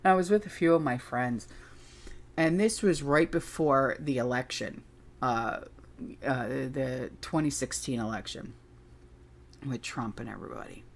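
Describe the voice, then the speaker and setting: A woman's voice: rumbling low, measured pace. A middle-aged woman hosting her own channel, talking in a rambling, indignant monologue that drifts off on tangents. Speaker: channel host. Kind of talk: casual ranting monologue.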